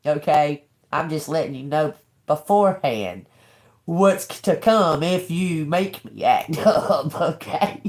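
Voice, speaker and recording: Profane, animated woman in an echoey room. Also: low-pitched, slow. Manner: blunt, profane, animated storytelling. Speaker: tarot reader livestream host. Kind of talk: casual livestream talk.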